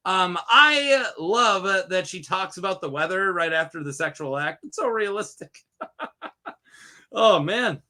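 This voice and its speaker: A young man with a high, bright voice talks through a TV episode in a loose, rambling solo review. He jokes constantly and laughs often at his own asides. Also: a little slow. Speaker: show reviewer. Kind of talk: casual solo review chat.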